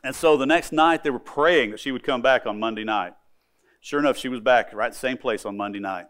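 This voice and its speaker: A man's voice: medium pitch, a little fast, fairly bright tone. Emphatic male preacher telling a story. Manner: emphatic storytelling, repeats words. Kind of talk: sermon.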